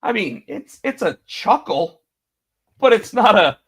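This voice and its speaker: A man's voice: sits high, sing-song, moderate pace, slightly rough. A man co-hosting a podcast, telling stories in a rambling, casual way and acting out the quotes. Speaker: podcast co-host. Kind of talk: casual chat.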